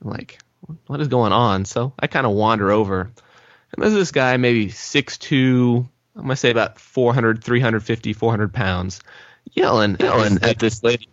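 A man co-hosting a podcast, telling a story in a measured, conversational way. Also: mid-range voice, no room sound. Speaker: podcast co-host. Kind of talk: casual storytelling chat. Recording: dull lo-fi sound, dry.

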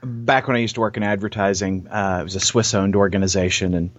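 Speaking at a quick clip in a low register, a man co-hosts a casual podcast, spinning stories and lively impressions of whoever he's quoting. There's no echo, just a dull, dry lo-fi recording.

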